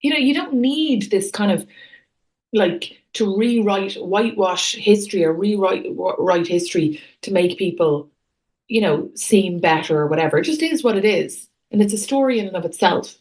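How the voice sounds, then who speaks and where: A woman's voice: mid-range voice, lively intonation, moderate pace, a little mellow, poor audio. A woman co-hosting a podcast, talking in a blunt, dismissive, conversational way. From Ireland. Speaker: podcast co-host. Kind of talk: casual political chat.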